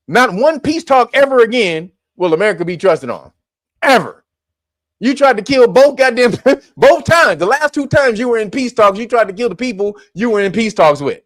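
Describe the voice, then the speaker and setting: A man's voice: very high voice, lively intonation, brisk, a bit bright, dry recording, studio quality. A man hosting a commentary show, talking bluntly and profanely, laughing often and mocking what he reads. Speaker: commentary podcast host.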